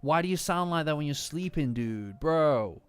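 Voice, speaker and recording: A man's voice: medium pitch, animated, moderate pace, lightly acted. A man voicing a sneering male self-doubt demon that taunts and mocks a sleeping person. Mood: taunting. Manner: taunting, mocking. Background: faint lofi music.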